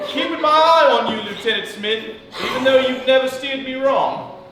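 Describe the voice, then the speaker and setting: A man performing live improv comedy, playful and quick to break into laughter. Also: very high voice, distant mic. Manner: playful, bursts of laughter and mock panic. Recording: echoey room mic from afar with noise.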